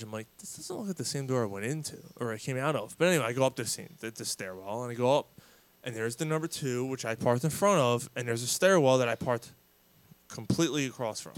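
A man co-hosting a casual pub sports show, telling a long story in an animated, cursing way and acting out his own lines. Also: mid-range voice, brisk, no echo. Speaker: podcast co-host.

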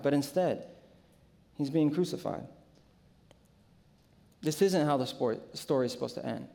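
A man preaching a sermon as pastor. He tells the scripture vividly and shares personal stories, with dramatic, deliberate phrasing. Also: on the high side, a little mellow.

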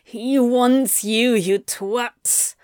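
A bossy, scheming male demon hisses urgent orders, as a woman reading a story puts him on. His voice has a hushed, pressing edge. The recording is dry and close. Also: mid-range voice, lively intonation, takes it slowly, no room sound. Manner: urgent hissing whisper. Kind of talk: audiobook fan fiction reading.

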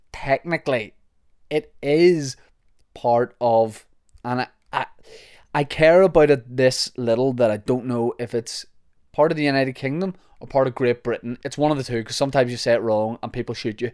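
Young Northern Irish man, podcast host, rambly jokey chat, smooth voice, dry close sound. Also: medium pitch, moderate pace, darkish tone, no echo. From Northern Ireland. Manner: rambling and jokey, lots of restarts. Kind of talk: casual chat.

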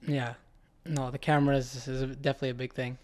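A man's voice: mid-range voice, little pitch movement, fairly quick, a little mellow. A man co-hosting a podcast who chimes in with brief, dry remarks. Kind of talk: casual podcast chat.

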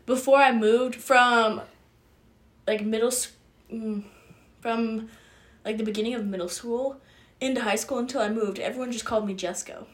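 A woman's voice: fairly high pitch, fairly even intonation, moderate pace, long pauses. A young woman co-hosting a podcast, laid-back and matter-of-fact in casual chat. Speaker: podcast co-host.

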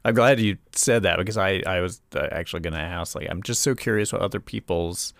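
Gravelly, deep-voiced man rambling in conversation. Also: a little fast, no echo, clean studio sound. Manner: rambling, heavy on filler words. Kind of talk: casual chat.

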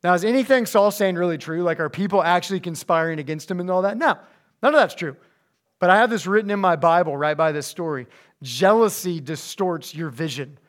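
A young man giving a casual, animated sermon to high school students, slipping into voices as he reads scripture. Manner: animated, conversational, acts out voices when reading scripture. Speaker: youth pastor. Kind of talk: youth sermon.

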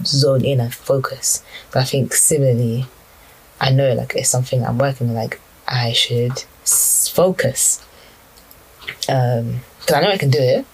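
A man's voice: mid-range voice, breathy edge, rough recording. A young man with a hesitant, rambling way of talking, reflecting aloud in a casual monologue full of restarts. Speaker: speaker reflecting on personal prayers.

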